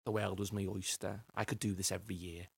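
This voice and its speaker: Middle-aged guest, gravelly husky low voice, rambling storyteller, dry close mic. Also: male voice, flat delivery, fast, no room sound. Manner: rambling, repeats words while finding them. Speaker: podcast guest. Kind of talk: personal storytelling interview.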